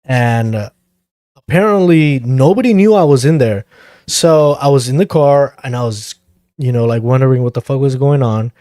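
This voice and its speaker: A man's voice: medium pitch, moderate pace, dark tone, dry recording, studio quality. A young man hosting a podcast, telling a story in a laid-back, casual way, swearing freely and chuckling now and then. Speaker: podcast host.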